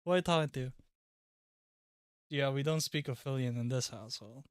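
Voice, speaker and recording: A male streamer chatting casually to viewers on a live stream, excitable and loud, swearing and laughing often. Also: medium pitch, normal speed, clear, resonant tone, dry recording, studio quality.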